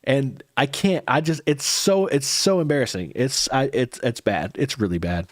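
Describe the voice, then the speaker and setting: A man's voice: medium pitch, normal speed, no echo. Stuffy tired guy with a cold chatting to his stream, mid voice, dry sound. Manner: chatty, answers viewer comments aloud. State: congested with a cold. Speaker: livestream host reacting to music. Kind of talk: casual livestream chat.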